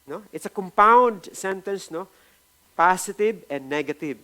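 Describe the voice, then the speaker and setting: Filipino-accented male pastor, fairly high voice, emphatic sermon delivery with frequent tag questions. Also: lively intonation, unhurried, bright, forceful tone. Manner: emphatic preaching, repeats phrases, tag "no?" often.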